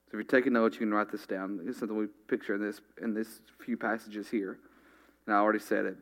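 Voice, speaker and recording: A man's voice: fairly low pitch, fairly even intonation, fast. A man preaching a sermon, earnestly reading scripture and speaking straight to his congregation. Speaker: pastor.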